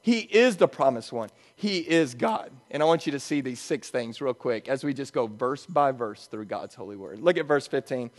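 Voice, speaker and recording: A pastor preaching a sermon in a church, conversational and joking between points. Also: male voice, medium pitch, lively intonation, normal speed, few pauses, long reverb tail. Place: church sanctuary.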